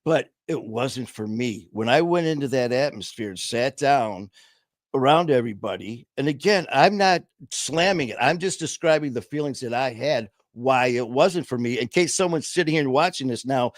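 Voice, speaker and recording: A man's voice: mid-range voice, expressive, moderate pace, no echo. Male guest, mid-range voice, candid and foul-mouthed storyteller, dry studio sound. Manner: blunt, profane, acts out dialogue. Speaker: podcast guest.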